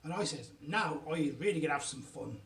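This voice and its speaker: A man reading aloud, voicing an excitable, boastful young boy who talks in broken grammar. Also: a little fast, creaky, reverberant, recorded from a distance. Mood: boastful glee. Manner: ungrammatical giant-style speech, bursts high.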